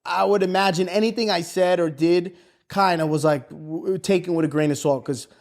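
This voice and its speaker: A man's voice: sits high, fairly even intonation, moderate pace. A man, co-hosting a podcast, telling a story in a casual way and acting out the voices of the people in it, with a lot of swearing. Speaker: podcast co-host.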